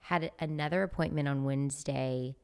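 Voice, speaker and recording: A woman's voice: deep voice, fairly even intonation, moderate pace, darkish tone, smooth. A woman guest on a podcast, telling a personal story in casual chat, full of "like" fillers and acted-out quoted dialogue. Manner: chatty, frequent "like" fillers, acts out quoted dialogue.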